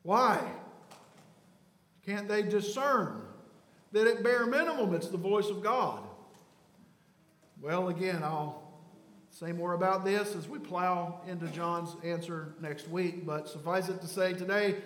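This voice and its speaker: A man preaching a sermon as pastor, emphatic, swinging between loud declarations and hushed lines. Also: high-pitched. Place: church sanctuary. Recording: echoey church hall.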